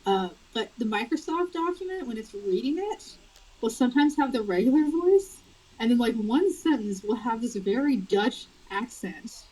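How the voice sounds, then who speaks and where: A young adult woman, an author, chatting in a casual interview, animated and quick to laugh. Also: a little high, slightly rough, low-quality recording. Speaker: author guest.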